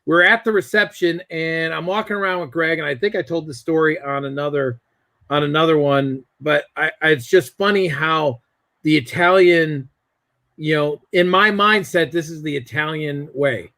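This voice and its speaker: A man's voice: fairly high pitch, moderate pace, pushed and bright, no room sound. A man in a casual chat, telling a family story in a rambling way, with many restarts and fillers. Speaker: guest.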